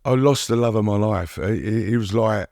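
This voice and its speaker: Gravelly low-voiced man. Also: a little mellow, dry recording, studio quality. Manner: halting, repeats words, many "you know what I mean". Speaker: podcast guest. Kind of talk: candid recovery interview.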